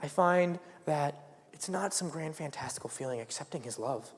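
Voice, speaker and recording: A man's voice: a little high, lively intonation, moderate pace. Young man preaching in an echoing hall. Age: young adult. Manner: conversational, drops to whispers for acted quotes. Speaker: student speaker. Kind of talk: casual youth sermon. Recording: reverberant hall, live stream.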